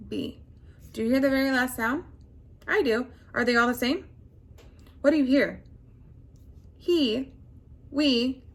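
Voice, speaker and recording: A woman with a slightly high voice leads a phonics lesson for young children. She sounds out each word slowly and clearly, then pauses to prompt her pupils for an answer. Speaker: teacher.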